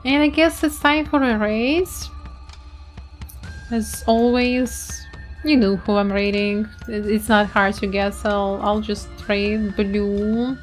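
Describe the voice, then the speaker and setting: A woman's voice: fairly high pitch, steady tone, takes it slowly, soft background music. A young woman streamer reading a game story aloud and chatting loosely with viewers. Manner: chatty, loose, with small restarts.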